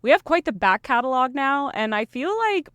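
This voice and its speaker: A woman's voice: high-pitched, animated, brisk, fairly bright tone, clean tone, dry recording. A woman co-hosting a podcast, talking casually, laughing often and swearing freely. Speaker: podcast co-host.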